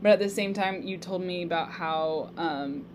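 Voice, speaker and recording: A young woman hosting a casual faith chat, expressive and quick to react with exclamations. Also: lowish voice, a little hiss or hum.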